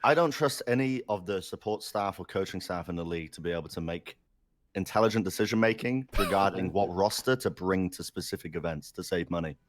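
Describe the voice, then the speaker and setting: A man's voice: sits low, brisk. A man co-hosting an esports podcast, blunt and skeptical in his opinions. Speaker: podcast co-host. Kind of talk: casual esports chat.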